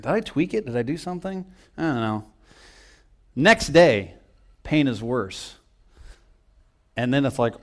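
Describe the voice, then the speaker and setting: A young man preaching in a church, telling a personal story with self-mocking humor and acted-out quotes. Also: mid-range voice. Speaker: pastor. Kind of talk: storytelling sermon. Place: church sanctuary.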